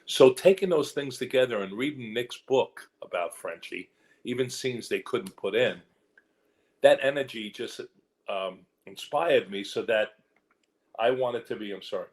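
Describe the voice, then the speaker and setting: A man, an actor being interviewed, telling animated stories about his career. He rambles with restarts and asides and slips into voices to quote people. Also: medium pitch, measured pace. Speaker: actor and guest.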